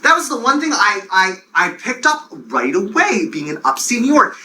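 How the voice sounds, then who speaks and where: Man, Long Island accent, university lecture, animated, very bright timbre. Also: high-pitched, normal speed, a little hiss or hum, poor audio. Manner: animated, digressive, jokey asides. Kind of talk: classroom lecture.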